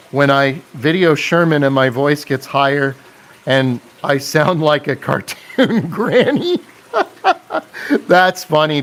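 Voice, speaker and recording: A man's voice: a little high, a bit bright. A man hosting a casual live stream, chatting and answering viewer comments with frequent laughs.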